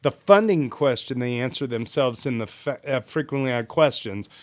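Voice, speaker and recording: A man's voice: mid-range voice, moderate pace. A man hosting a live stream, reading community forum posts aloud with playful asides and bits of hype.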